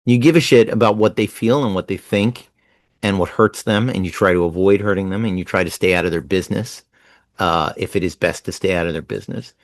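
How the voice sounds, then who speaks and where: A man in his sixties from New Jersey, telling stories fast and animatedly as a guest in a casual interview. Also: deep voice, dry recording. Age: 60s. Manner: fast-talking, animated storyteller. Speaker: guest writer.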